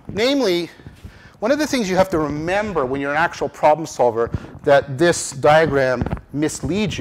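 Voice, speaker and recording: A man giving a conference lecture on cognitive science, with animated emphasis, rhetorical repeated questions and frequent restarts. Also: a little high, noisy background. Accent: Canadian English. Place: lecture room.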